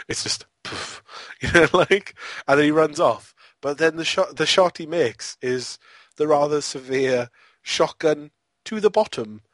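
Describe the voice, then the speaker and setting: A man's voice: fairly high pitch, measured pace, fairly bright tone, dry recording. A man co-hosting a podcast, rambling through a film review in a casual, amused way and often breaking into laughter. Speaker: podcast co-host.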